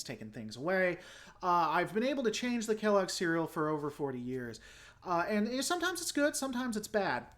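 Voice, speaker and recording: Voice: medium pitch, fairly bright tone. Rambling, critical reaction host. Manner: rambling and critical, often restarting sentences; frank and opinionated. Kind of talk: casual reaction commentary, answering viewer comments.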